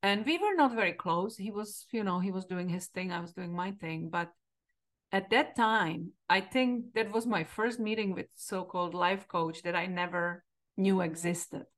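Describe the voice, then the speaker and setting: A woman's voice: fairly low pitch, moderate pace. A middle-aged woman from the Czech Republic with a Czech accent, a podcast host telling a candid, reflective personal story. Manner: candid, reflective, quoting herself with emotion.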